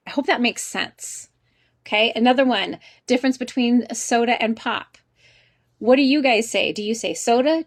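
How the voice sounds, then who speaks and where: A woman teaching a college English class over a video call, chatty and quick to laugh, often asking the class questions. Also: a little high. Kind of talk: online class lecture.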